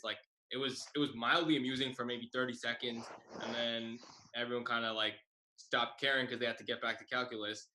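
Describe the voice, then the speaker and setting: A man's voice: mid-range voice, steady tone, a little fast, sharp tone, a little hiss or hum, low-quality recording. A man comedian telling a rambling story over a video call, with lots of fillers.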